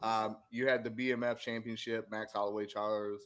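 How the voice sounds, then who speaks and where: A man's voice: fairly low pitch, little pitch movement, a little fast, fairly bright tone. A man co-hosting a sports podcast, chatting casually and rambling with many fillers and restarts. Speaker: podcast co-host.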